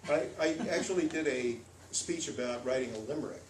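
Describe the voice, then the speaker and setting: An American man giving a lively, demonstrative storytelling workshop to a live audience, playing with pitch and pace. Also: fairly quick, background noise. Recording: echoey room, voice from far off.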